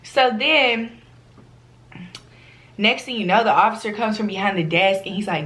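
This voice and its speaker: Young woman vlogger, lively and slangy storyteller, mid-range voice. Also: mid-range voice, normal speed, pauses often. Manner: animated, slangy, acts out quoted voices. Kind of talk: casual storytime chat.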